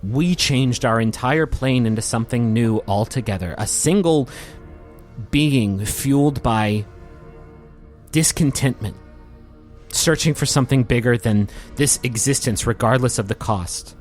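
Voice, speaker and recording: A man voicing a calm, wistful male villain who speaks for a world-devouring hunger, in a soft, unhurried, faintly sorrowful way. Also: medium pitch, soft background music, natural voice.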